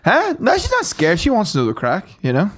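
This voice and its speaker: Fast-talking man. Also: high-pitched, huge pitch swings, a bit bright. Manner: fast, rambling storyteller. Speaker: podcast co-host. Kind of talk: casual comedy podcast chat.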